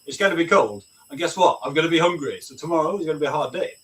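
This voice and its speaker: His voice a little high and a bit bright, a British army veteran rattles along very fast as a guest in a relaxed video-call chat. He's candid and blunt, swears a lot, and frequently asks "right?" A distant mic picks up faint noise.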